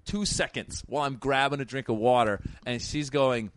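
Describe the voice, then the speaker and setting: A man's voice: mid-range voice, normal speed, smooth, no echo. Talkative man from Iran, dry sound. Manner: animated storyteller, restarts and repeats words. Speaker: stand-up comedian. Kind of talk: casual podcast chat.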